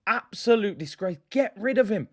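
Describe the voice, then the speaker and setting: A man's voice: sits high, lively intonation, moderate pace. A man hosting a football fan channel, ranting bluntly to his viewers and repeating points for emphasis. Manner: addresses viewers directly as "people". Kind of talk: ranting fan reaction vlog.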